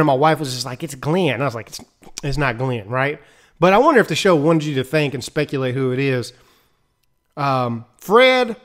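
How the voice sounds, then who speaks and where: A young man talking casually to camera in a lively, chatty recap, laughing easily and acting out quotes. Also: a little high. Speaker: show recap vlogger.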